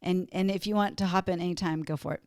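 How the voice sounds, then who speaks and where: A woman's voice: on the low side, fairly even intonation, fast, a little mellow, no echo, studio quality. A woman from Minnesota, a wellness guest on a podcast interview, telling stories in an upbeat, motivational way.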